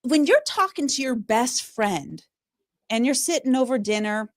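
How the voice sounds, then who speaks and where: A woman's voice: on the high side, measured pace, no room sound. Emphatic woman speaker, dry close sound. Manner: emphatic, animated storytelling. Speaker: public speaker and trainer. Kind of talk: conversational podcast interview.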